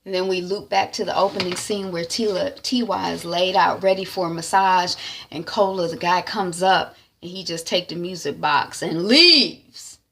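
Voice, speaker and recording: A woman chats through an episode recap with animated storytelling. Her voice is bright and forward, with a gravelly fry at the ends of phrases. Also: on the low side, moderate pace, slight background noise. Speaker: TV series reviewer.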